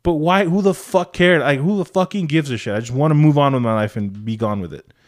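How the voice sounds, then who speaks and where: A man's voice: on the high side, fairly quick. A man hosting a podcast in casual, blunt, heavily profane chat. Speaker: podcast host.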